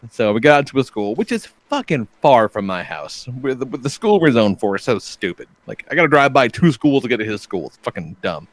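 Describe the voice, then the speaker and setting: A man's voice: medium pitch, very animated, fairly quick, few pauses, no echo. A man in his thirties co-hosting a podcast, telling stories in a laid-back way, swearing freely and chuckling often. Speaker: podcast co-host. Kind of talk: casual podcast banter.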